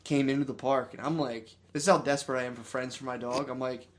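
Young man, average pitch, loose profane storyteller who laughs between lines. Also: steady tone, fast. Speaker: podcast host. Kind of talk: casual podcast chat.

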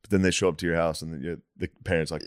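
Very low male co-host, crude banter, frequent laughs; dry recording. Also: level tone, dry recording. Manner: crude, quick jokes, laughs a lot. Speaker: podcast co-host. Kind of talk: casual chat.

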